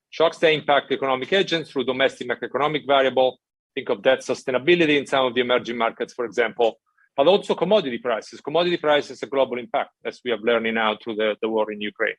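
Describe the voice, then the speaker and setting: Man giving a measured policy talk. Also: mid-range voice, a bit bright, no room sound. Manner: measured, emphatic, frequent "right?" check-ins. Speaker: conference speaker from an international financial institution. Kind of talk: prepared conference talk.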